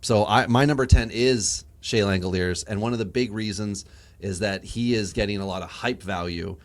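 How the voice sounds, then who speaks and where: A man's voice: lowish voice, normal speed. A man hosting a casual fantasy sports podcast. He drops dry one-liners and recaps rankings in order. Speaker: podcast host.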